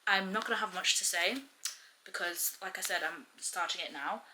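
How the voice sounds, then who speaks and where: A woman's voice: fairly low pitch, moderate pace, pushed and bright, slight background noise, poor audio. A young woman talking casually to her camera in a reading vlog. She rambles in a chatty way and gets emotional about the book. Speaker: book vlogger.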